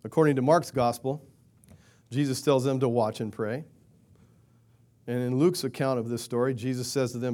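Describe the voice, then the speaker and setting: A man preaching a sermon in a conversational way, asking rhetorical questions and acting out quoted prayers in a louder, higher voice. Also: fairly even intonation, moderate pace, long pauses. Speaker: pastor.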